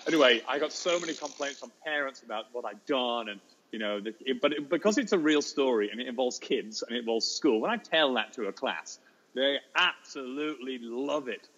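Fast-talking male storyteller. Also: lo-fi sound, slight background noise. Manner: lively storyteller, acts out children's voices in high pitch. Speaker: teacher and storyteller guest. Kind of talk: animated anecdote in an interview.

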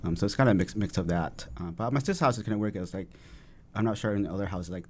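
A man's voice: fairly low pitch, fast, slight background noise. A man chatting casually as a podcast guest, rambling with lots of fillers and restarts. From family from southern Vietnam. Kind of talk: casual chat.

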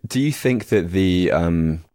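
A man's voice: low voice, animated, takes it slowly, warm tone, no echo, clean studio sound. A man hosting an interview, thinking aloud hesitantly with restarts and fillers. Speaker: podcast host. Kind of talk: casual interview chat.

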